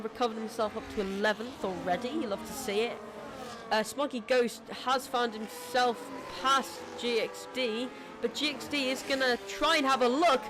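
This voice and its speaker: An esports racing commentator calling a live race in a chatty, self-deprecating way, quick to apologise, and losing their voice. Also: medium pitch, background noise.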